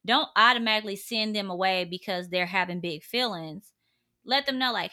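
A young pregnant woman speaks in a bright, forward voice at an ordinary middle pitch. She offers parenting advice in a casual, conversational monologue. Her delivery is earnest and direct. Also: moderate pace.

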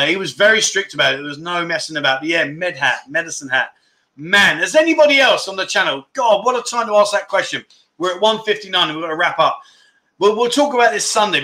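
A man in his fifties hosts a casual livestream in a high-pitched, bright, forceful voice. He chats, reads viewer comments aloud and wanders off into rambling anecdotes in between.

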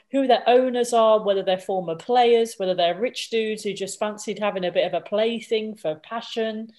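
A woman's voice: fairly high pitch, darkish tone. A woman co-hosting a casual podcast, chatty and explaining things in long lists. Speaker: podcast co-host.

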